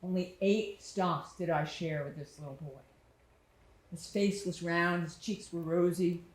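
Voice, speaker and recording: A woman performing a solo storytelling monologue on stage, tender and reflective, lingering on her words. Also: lowish voice. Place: small studio theater stage. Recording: echoey theater room.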